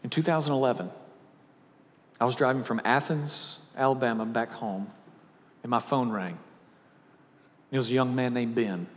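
A man preaching a sermon, swinging between loud emphatic peaks and hushed, low lines. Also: moderate pace, long pauses, big-room sound. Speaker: pastor. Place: church sanctuary.

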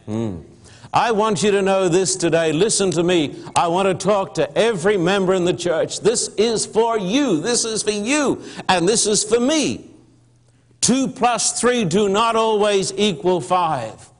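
Slow, earnest preacher. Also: male voice, high voice, lively intonation. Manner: earnest, direct appeals to the listener. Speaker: pastor. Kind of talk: sermon.

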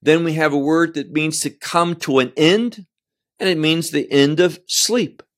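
A man teaching through a psalm verse by verse, speaking slowly and deliberately, often repeating a word as he restarts, and lifting his voice when he reads the pleas aloud. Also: on the high side, fairly bright tone. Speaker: Bible teacher.

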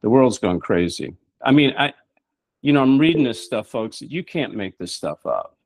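A man's voice: medium pitch, lively intonation, moderate pace, a little mellow, no room sound. A middle-aged man hosting a show, preaching emphatically with rhetorical questions. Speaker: show host. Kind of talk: preaching talk-show monologue.

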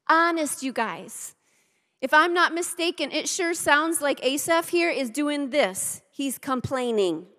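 A woman's voice: sits high, a bit bright. A woman pastor preaching a sermon, emphatic, repeating key phrases and speaking straight to her congregation. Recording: long reverb of a large hall.

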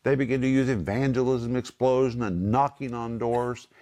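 A middle-aged man teaching the Bible on a broadcast, speaking emphatically and slowing down to stress key words. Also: medium pitch, steady tone, a little mellow. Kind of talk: Bible teaching with scripture quotes.

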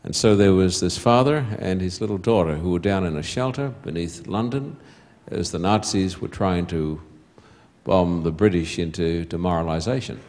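A man delivering a sermon in a fairly low voice. He speaks slowly and deliberately, letting his voice sink to a hush at the tender moments. His voice comes through a stage mic in front of a congregation. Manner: slow, deliberate storytelling with hushed quiet passages. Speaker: preacher.

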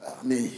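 A middle-aged man preaches a sermon, his voice sitting a little high for a man. He takes his time, landing each word slowly. He builds rhythm by repeating key phrases and calls on the listeners to answer back. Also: vocal fry, husky. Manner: slow, deliberate preaching with rhythmic repetition and call-and-response. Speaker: pastor.

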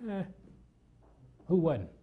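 Man, sermon, preacher, higher pitch, call-and-response questions to the congregation. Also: very animated, extremely slow, narrow, tinny audio. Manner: calls out questions to the congregation and reads scripture aloud.

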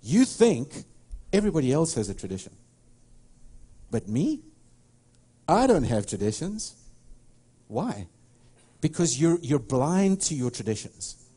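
South African pastor preaching with warm voice. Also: male voice, a little high, big pitch swings, a little slow, long pauses, slightly rough. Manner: rambling, storytelling with many restarts. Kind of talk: sermon.

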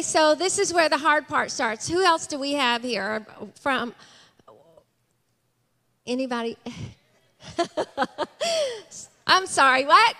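A woman pastor welcoming visitors during a church service, excited and calling out to the congregation. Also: very high voice. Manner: warm, excited, calls out to the congregation. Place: large church sanctuary.

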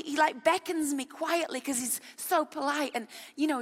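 A woman preacher delivering an impassioned sermon that builds to shouts, in a church hall. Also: sits high, fairly even intonation, moderate pace, hardly any pauses, slight background noise. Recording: long reverb of a large hall.

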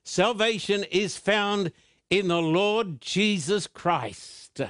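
A man preaches in a high, ringing voice. He draws out his words slowly and leans hard on each point. The sound is dry and close, with no room echo. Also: fairly bright tone. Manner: slow, emphatic preaching with drawn-out words. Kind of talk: broadcast sermon.

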